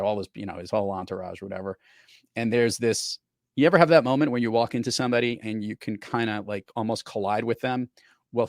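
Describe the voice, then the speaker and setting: A man's voice: on the low side, dry recording. Chatty male podcast host, dry sound. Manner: chatty, storytelling. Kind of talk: casual chat.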